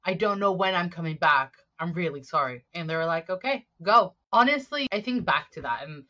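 A woman's voice: fairly low pitch, expressive, a little fast, bright, forceful tone, lo-fi sound. A young adult woman guest on a podcast, talking frankly and reflectively about her life as a single mum. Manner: frank, reflective, swears casually. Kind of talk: candid conversational storytelling.

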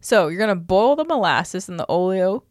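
A woman's voice: lowish voice, lively intonation, normal speed, no room sound, clean studio sound. Woman podcast co-host, casual and laughing, reads recipes with a put-on drawl. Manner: laughs often, playful drawl when reading. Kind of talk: casual chat, reading old recipes aloud.

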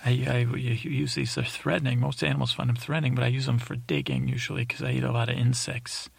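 A man's voice: mid-range voice, fairly even intonation, creaky, slightly rough, no room sound. Man doing a touchy wildcat with huge teeth. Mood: grumbling. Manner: halting, wandering speech. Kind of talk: sleep podcast storytelling.

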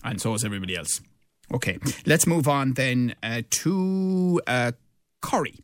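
A man hosting a casual radio chat, halting with restarts. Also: medium pitch, expressive, dry recording, studio quality. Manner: halting, with many restarts and fillers. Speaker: radio host.

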